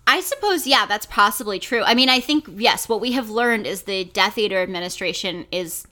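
A young woman co-hosts a casual comedy podcast, her voice bright and forward. She talks in an animated, profane rush and keeps slipping into silly voices. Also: medium pitch, normal speed. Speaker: podcast co-host.

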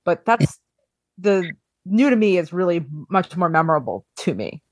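A woman's voice: on the low side, very animated, normal speed, dry recording. Wry, teasing woman from Long Island. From Long Island, New York. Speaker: podcast co-host. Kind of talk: casual chat. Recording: dry.

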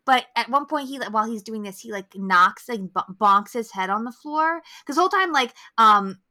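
A young woman co-hosting a podcast in casual chat, animated, swearing freely and acting out quotes. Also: a little high, moderate pace. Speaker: podcast co-host.

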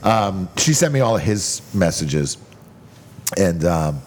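Homme à la voix grave et variée. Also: male voice, low-pitched, big pitch swings, slow. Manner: loose, laid-back, swearing. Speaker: co-host, bar owner. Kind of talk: casual chat.

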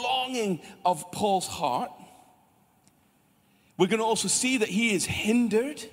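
A Scottish man with a lively, chatty manner, preaching a sermon as pastor and talking directly to his congregation. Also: sits high. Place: church hall. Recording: church hall reverb.

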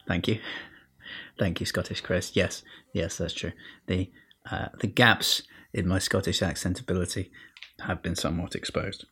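Male podcast host, low husky voice, slow and dry, faint music underneath. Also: steady tone, fairly bright tone. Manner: dry, self-mocking, drops to near-whispers. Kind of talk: podcast sign-off and reading.

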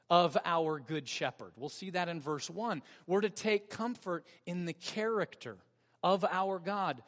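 A man preaching a sermon as pastor, earnest and emphatic, drawing out key words slowly. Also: fairly high pitch, fairly bright tone. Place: church sanctuary. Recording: long reverb of a church hall.

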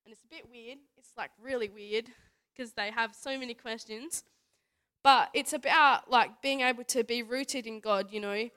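A woman's voice: a little high, a bit bright, clean tone. Chatty young woman sharing a church testimony. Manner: chatty, full of "like" and "you know", laughs often. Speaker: youth speaker at church. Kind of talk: casual church testimony talk.

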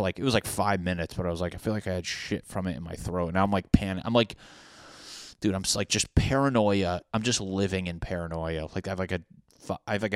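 A young podcast host delivers a casual comedic rant that rambles, swears freely, and pokes fun at himself. His voice is low, and the recording has clean studio quality with no echo.

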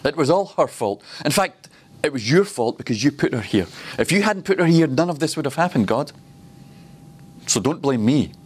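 A man voicing Adam as a sulky first man who shifts the blame, in a husky voice. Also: on the high side, animated, normal speed. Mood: defensive. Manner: defensive, indignant.

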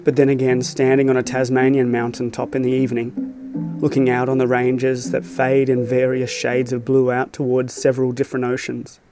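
A man reading his own reflective travel essay aloud as scripted narration, measured and thoughtful. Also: medium pitch, monotone, music in the background. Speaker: storyteller.

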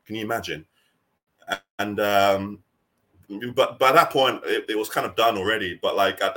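Low-voiced guy, punchy bright tone, keeps restarting sentences while telling a story. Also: moderate pace. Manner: earnest storyteller with repeated restarts. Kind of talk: casual chat.

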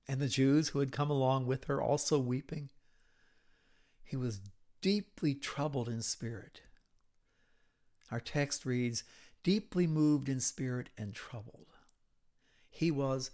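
A man preaching a sermon, retelling a scripture story dramatically with hushed, whispered moments. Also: medium pitch, takes it slowly, long pauses.

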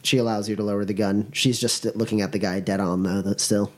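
A man's voice: fairly low pitch, little pitch movement, quick pace, darkish tone. A man narrating as game master in a casual, loose way, full of fillers.

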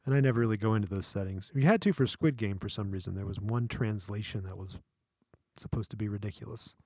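A man co-hosting a podcast in casual chat, animated and laughing often, now and then reading from an article. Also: on the low side, quick pace, no echo, clean studio sound. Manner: animated, laughs often, breaks into playful voices. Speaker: podcast co-host.

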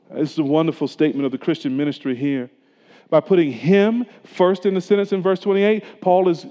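A male pastor preaching a sermon earnestly, dropping to a hush at solemn moments and rising for emphasis. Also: fairly high pitch. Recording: echoey church hall, dull lo-fi sound.

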